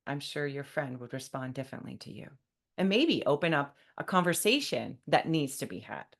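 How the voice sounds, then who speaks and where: A woman's voice: extremely low pitch, animated, moderate pace, creaky. A woman hosting a solo podcast, talking in a wry, conversational way and mock-quoting what people say. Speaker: podcast host.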